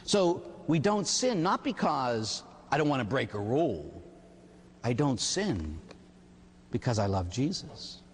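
A man who is a Catholic priest, giving an animated sermon with rhetorical questions and little stories. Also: medium pitch, unhurried, breathy edge. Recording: hall reverb.

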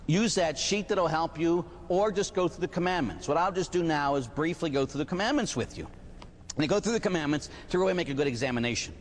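A man who is a Catholic priest, giving an animated sermon with rhetorical questions and little stories. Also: on the high side, a little hiss or hum. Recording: hall reverb.

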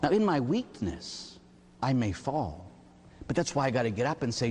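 A man who is a Catholic priest, giving an animated sermon with rhetorical questions and little stories. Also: mid-range voice, normal speed, a little hiss or hum. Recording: hall reverb.

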